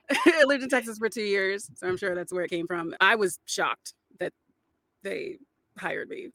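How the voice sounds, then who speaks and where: A woman's voice: mid-range voice, unhurried, fairly bright tone, dry recording. A woman voice actor, a guest on a podcast, chatting casually with lots of laughs, fillers and restarts. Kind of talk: casual podcast interview chat.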